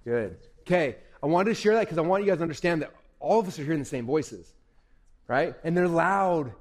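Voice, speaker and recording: A man giving an energetic, conversational motivational talk to young people from a stage. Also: on the high side, fairly quick. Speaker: motivational speaker. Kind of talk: live motivational talk to youth. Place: stage at a live event. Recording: echoey hall.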